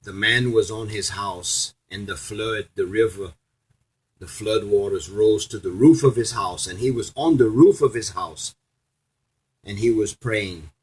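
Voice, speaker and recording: A man's voice: on the low side, a little slow, a little mellow, slightly rough, poor audio. A man delivering an angry, profane, preachy rant to his audience as a vlogger. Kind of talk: angry ranting monologue.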